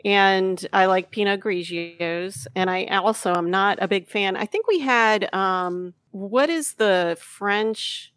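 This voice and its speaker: A woman co-hosting a podcast in casual chat, unhurried and searching for words, laughing often. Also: medium pitch, a bit bright, no room sound. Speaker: podcast co-host.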